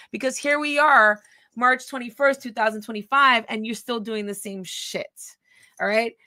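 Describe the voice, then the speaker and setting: A woman's voice: on the high side, a bit bright, no echo. Sarcastic, foul-mouthed woman gossiping. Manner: blunt, profane, sarcastic. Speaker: gossip commentator. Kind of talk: reading out and commenting on private messages.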